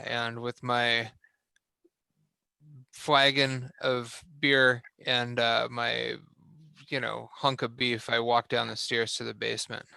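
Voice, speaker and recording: Slow gravelly man playing tabletop game. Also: mid-range voice, sharp tone, dry recording. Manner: halting, filler-heavy planning. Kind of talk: casual table-talk role-play.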